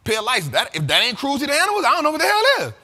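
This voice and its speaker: A man hosting an investing show, talking in animated, profane casual commentary and often asking if listeners follow him. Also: extremely high pitch, racing, in a large hall. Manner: animated and profane, keeps asking "you feel me?". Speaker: host of a money and investing show.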